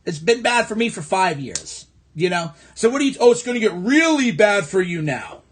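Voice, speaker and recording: A man's voice: high-pitched, very animated, normal speed, slightly rough. A man from the American Midwest hosting a livestream, ranting angrily and sarcastically with lots of profanity and repetition. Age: adult. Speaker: livestream host. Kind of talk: ranting political livestream monologue. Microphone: phone livestream.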